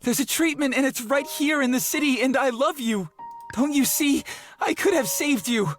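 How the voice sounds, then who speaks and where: A man's voice: very high voice, expressive, moderate pace, fairly bright tone, soft background music, voice pushed up. A man putting on a frantic, desperate lover. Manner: frantic, raised calls. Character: desperate lover searching for a sick woman.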